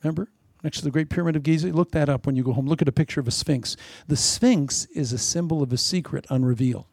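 A man preaching a lively sermon with jokes, swinging between loud punchlines and soft asides. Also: a little high, fast, creaky, husky, dry recording, studio quality. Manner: animated, joking, often laughing, drops to soft asides.

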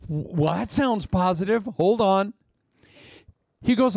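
A male pastor delivers an emphatic sermon, his fairly high voice gravelly with fry. He repeats phrases for weight and leaps up in pitch at key words, recorded close and dry with no room sound. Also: lively intonation, slow pace, pauses often, darkish tone, dry recording.

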